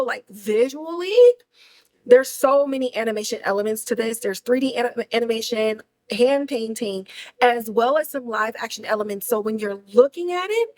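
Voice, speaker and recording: A woman hosting a podcast, recapping a film in animated, slangy, casual chat. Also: on the high side, low-quality recording. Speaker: podcast host reviewing a film.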